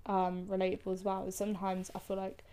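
A woman's voice: medium pitch, completely flat delivery, quick pace, dark tone, a little hiss or hum. A woman artist in casual chat, talking in loose sentences full of fillers that often trail off.

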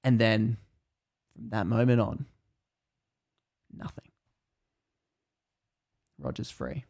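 A man telling a story casually, animated and full of fillers, acting out the quotes. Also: lowish voice, slow, gravelly.

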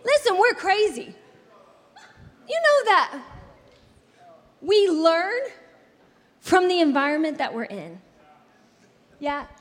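A woman in her thirties preaches to her congregation with a very high voice. She talks in an animated, conversational way and keeps throwing in playful asides. Her voice rings out with the long reverb of a church hall. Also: slow pace, pauses often. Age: 30s. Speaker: pastor. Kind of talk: sermon. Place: church sanctuary.

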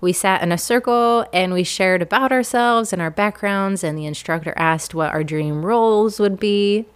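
A woman's voice: mid-range voice, normal speed, smooth. Candid woman telling a personal story. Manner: candid, self-deprecating, laughs often.

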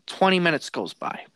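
A man co-hosting a podcast, telling a story in a casual, animated way, laughing and swearing as he goes. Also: a little high, clean tone, dry recording. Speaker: podcast co-host.

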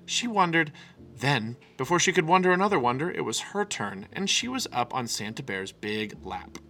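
A man reading a children's picture book aloud with an expressive, animated delivery. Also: medium pitch, normal speed. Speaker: storyteller.

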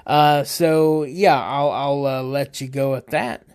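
A man's voice: medium pitch, fairly even intonation, takes it slowly, darkish tone, clear, resonant tone. A man hosting a casual solo podcast, reading odd news stories in a loose, rambling way and stumbling over words. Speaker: podcast host.

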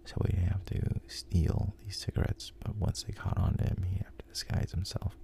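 A man with a very deep, gravelly voice tells a story in a hushed whisper. His tone is dark and mellow, and he talks in an unhurried way with pauses and restarts. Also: little pitch movement. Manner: soft, unhurried, with frequent ums and restarts.

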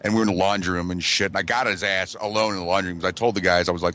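A man's voice: deep voice, steady tone, very fast, bright, forceful tone. A man casually telling a profane, rambling story and laughing as he goes. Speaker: regular on a men's chat show, Navy veteran.

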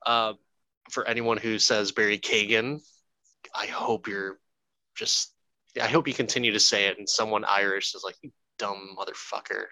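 A man co-hosting a casual movie-review podcast, talking in a low but bright, forceful voice. He jokes and rambles a bit, with some swearing. The sound is dry and close to the mic. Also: fairly even intonation, normal speed, pauses often, no echo, low-quality recording. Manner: joking, profane, rambling. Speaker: podcast co-host.

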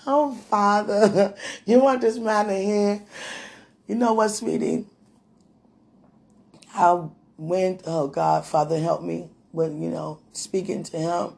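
A woman's voice: mid-range voice, steady tone, takes it slowly, vocal fry, pauses often. A woman sharing a personal devotional message with a loved one, speaking fervently and prayerfully and calling out to God.

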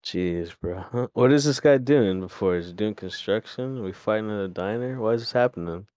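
Low-voiced young man joking around. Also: brisk, a little mellow, no room sound, clean studio sound. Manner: joking, swearing, trying out silly accents. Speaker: podcast co-host. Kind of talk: casual chat.

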